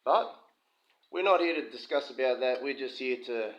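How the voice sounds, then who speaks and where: A man's voice: mid-range voice, animated, moderate pace. Chatty man in a kitchen. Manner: chatty, rambling, with asides. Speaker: whisky reviewer. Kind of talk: casual review chat. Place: home kitchen. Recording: dull lo-fi sound with slight room echo.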